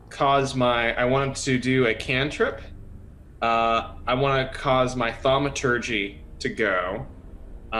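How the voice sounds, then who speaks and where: Bright-voiced hesitant male player. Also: medium pitch, a little hiss or hum. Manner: hesitant, with many fillers. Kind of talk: playing a tabletop game.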